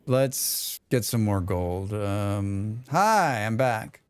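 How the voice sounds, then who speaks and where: Smooth-voiced man streaming a game. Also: mid-range voice, darkish tone, no room sound. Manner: rambling, swears freely, talks to himself and chat. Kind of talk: casual live-stream chat while playing.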